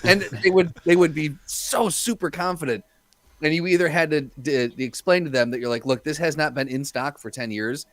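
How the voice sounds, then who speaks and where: A man's voice: fairly high pitch, normal speed, no echo. A man in a casual podcast chat, telling a wry story from his old job. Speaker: podcast co-host or guest.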